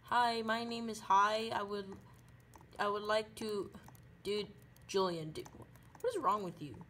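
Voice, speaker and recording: A woman doing loud, silly running commentary while playing a game. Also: medium pitch, unhurried, a little hiss or hum. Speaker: gaming video creator.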